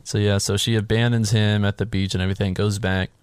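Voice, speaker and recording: A man's voice: on the low side, level tone, fast, clear, resonant tone, no room sound. A man casually retelling a film's plot as a podcast co-host, swearing freely and acting out his own reactions. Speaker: podcast co-host recapping a film. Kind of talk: casual chat.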